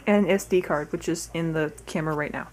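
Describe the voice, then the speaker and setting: A young adult woman filming a casual vlog, chatty and playful and quick to laugh, talking from behind a handheld camera. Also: low voice, steady tone, slight background noise, low-quality recording. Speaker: vlogger.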